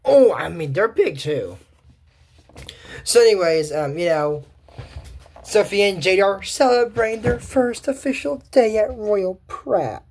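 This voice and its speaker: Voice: medium pitch, expressive, a little slow, darkish tone, slight background noise. A young adult giving casual, rambling commentary on a cartoon episode, full of asides and restarts.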